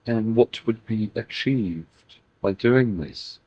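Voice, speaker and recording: A man channeling a playful, teasing female spirit in a slow, halting way, in a channeling session. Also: lowish voice, a little mellow, no echo. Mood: measured. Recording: dull dry lo-fi recording.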